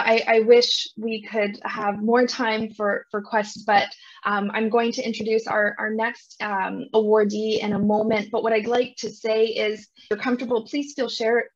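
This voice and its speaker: A woman's voice: on the high side, little pitch movement, normal speed. A woman moderating a virtual summit over a video call, gracious and hesitant, with many uh fillers. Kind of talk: hosting a virtual event. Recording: dull lo-fi call audio.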